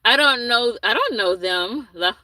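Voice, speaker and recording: An adult woman with a young son hosts a livestream, answering viewers' comments aloud in a casual, meandering way that keeps drifting off track. Her voice is slightly high, expressive, bright and pushed, delivered at a measured pace; there's no room sound and the recording quality is low.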